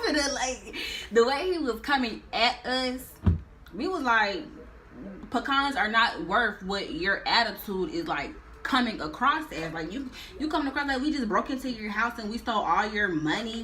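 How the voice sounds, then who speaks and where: A young woman telling a story in a storytime vlog, animated and slangy, with drawn-out phrasing. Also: on the high side, a little hiss or hum. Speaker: vlogger.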